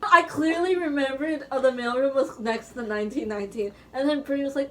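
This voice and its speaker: High-voiced young woman telling a story. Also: quick pace, few pauses, slight background noise. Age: young adult. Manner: animated, laughing, lots of "like". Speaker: college student vlogger. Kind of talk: casual storytelling with friends.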